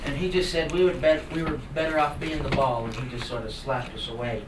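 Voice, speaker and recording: A man from the Cherokee Nation telling a traditional story to a live audience in a folksy, animated way with playful sound effects. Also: mid-range voice, a little fast. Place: live salon event. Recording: roomy hall from far off. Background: audience laughter and room noise.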